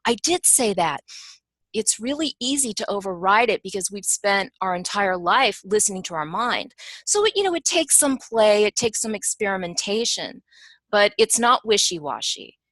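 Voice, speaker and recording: A woman's voice: medium pitch, moderate pace, no room sound. A woman teacher giving an informal webinar lesson, speaking in a punchy, emphatic way and chatting directly to her listeners. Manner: chatty and animated, addressing listeners as "you guys". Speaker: teacher and professional analyst.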